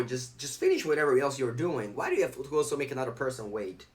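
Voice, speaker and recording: A man's voice: medium pitch, lively intonation, quick pace. A young man chatting live on a game stream, reading viewer chat aloud and answering it.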